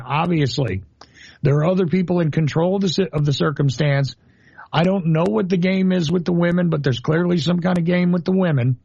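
A man's voice: fairly high pitch, brisk, gravelly, mellow, husky, dry recording, dull audio. A man hosting a talk radio show, asking probing questions in long run-on sentences.

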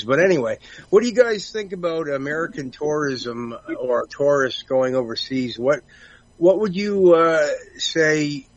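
A man's voice: medium pitch, fairly bright tone, muffled recording. A man joins a talk panel over a video call with a mid-range voice. He rambles and stops often for fillers as he talks. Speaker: guest panelist.

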